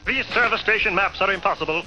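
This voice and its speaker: A man's voice: high-pitched, fast, sharp tone, soft background music, rough recording. An actor playing a bumbling Canadian officer in a cartoon who mutters as he fumbles. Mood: flustered. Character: bumbling Canadian male officer, lost with a map.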